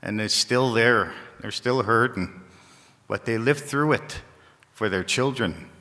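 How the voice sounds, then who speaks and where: A man from Saskatchewan, a First Nations community leader, gives a halting, heartfelt ceremony speech, often repeating phrases. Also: mid-range voice, bright, forceful tone. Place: large gymnasium. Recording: echoey gymnasium reverb.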